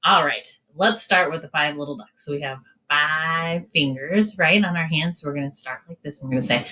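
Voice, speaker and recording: A woman in her forties leading a children's storytime, talking gently in a sing-song way and reading a picture book aloud. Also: sits low, normal speed, hardly any pauses, low-quality recording. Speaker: children's librarian. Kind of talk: storytime reading and singing for kids.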